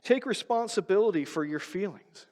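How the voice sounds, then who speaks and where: Man preaching a sermon, high voice, long church echo, goes loud then quiet n low. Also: lively intonation, normal speed. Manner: emphatic preaching that swings between loud stresses and quiet, low asides. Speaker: pastor. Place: church sanctuary.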